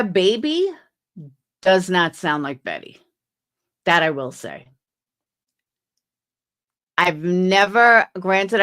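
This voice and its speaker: A woman's voice: lowish voice, a bit bright. A woman hosting a casual livestream, chatting skeptically with viewers and reading messages aloud. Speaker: livestream host.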